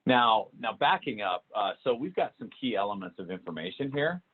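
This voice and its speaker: A man walking through a software demo in a webinar, talking with many fillers and restarts. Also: fairly low pitch, very animated, a little fast, husky. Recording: tinny phone-like call audio.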